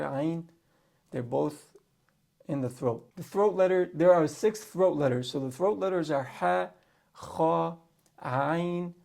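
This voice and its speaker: A man's voice: on the high side, creaky, darkish tone. A man patiently teaching a spoken lesson on letter sounds, repeating each sound for practice.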